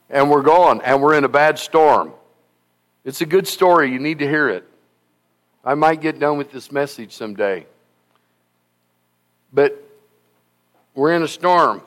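A man preaching a sermon, telling stories in an animated, folksy and emphatic way. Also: mid-range voice. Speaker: pastor.

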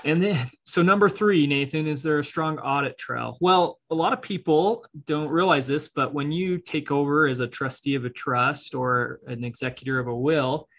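A man's voice: fairly high pitch, normal speed, few pauses, a bit bright. A man co-hosting a casual podcast conversation, explaining estate planning in an easygoing way and laughing often. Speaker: estate planning attorney co-host.

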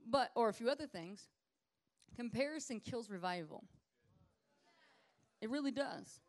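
A woman ministry leader giving an informal teaching sermon in a lively, conversational way, acting out the people she talks about. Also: fairly high pitch, normal speed, long pauses. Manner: lively conversational preaching, acts out quoted people.

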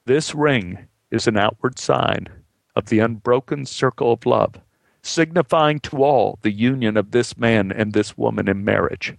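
A man quoting a kindly older judge in a slow, solemn, gently amused voice. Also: medium pitch, vocal fry, no room sound. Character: kindly older male small-town judge.

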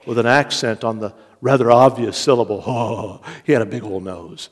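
A man preaching a sermon with slow, deliberate delivery and rising emphasis. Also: mid-range voice, steady tone. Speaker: pastor. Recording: long reverb of a large hall.

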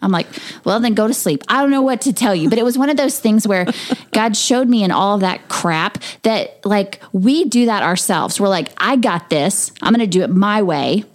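A woman's voice: medium pitch, lively intonation, moderate pace. A woman in her thirties, co-hosting a casual faith and parenting chat, animatedly retelling a story of her son's sleepless night. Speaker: podcast co-host.

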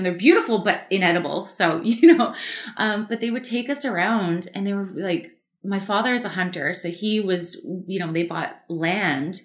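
A woman from Canada, a guest artist telling stories in an interview. She is chatty, laughs often and uses many fillers. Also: mid-range voice. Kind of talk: casual interview storytelling.

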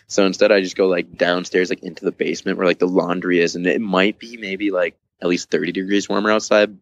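A man's voice: low voice, level tone, fairly quick, no echo, muffled recording. A man chatting as a podcast guest, telling a long story in a loose, casual way, full of fillers and swearing, with laughs at the funny parts.

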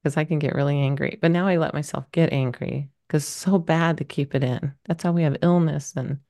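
On a podcast, a middle-aged woman tells a personal story openly in a deep, warm voice that stays steady and runs a little fast. Her telling is emotional and somewhat meandering, with lots of filler words.

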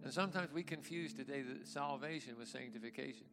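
An older man preaching a sermon as a pastor, swinging from quiet talk to emphatic shouts. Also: medium pitch, fast. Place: church. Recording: echoey hall with faint music.

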